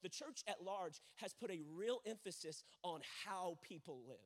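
A man's voice: high-pitched, normal speed. A young man preaching a sermon as pastor, telling stories and acting out quotes with emphatic repetition.

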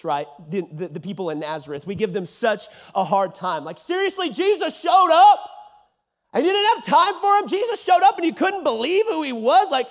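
A man preaching a sermon from West Texas, swinging from loud lines to hushed ones. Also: high-pitched. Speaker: pastor. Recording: church.

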